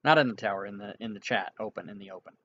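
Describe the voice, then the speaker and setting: A man's voice: on the low side, rapid-fire, bright, forceful tone, dull audio. A man narrating an online tabletop game as game master, casual and rambling, with many restarts.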